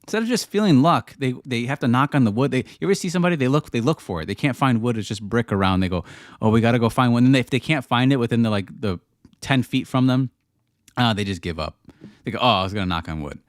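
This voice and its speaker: A man's voice: medium pitch, expressive, fast talker, no room sound, studio quality. A man hosting a casual livestream Q&A, talking through chat questions in a rambling way that drifts into rants, with frequent restarts. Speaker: livestream host answering chat.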